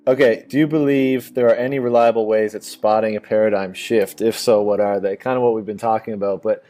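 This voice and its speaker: Mellow-voiced man hosting an interview. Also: lowish voice, steady tone. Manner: loose, halting questions with fillers. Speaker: podcast host. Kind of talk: casual interview chat.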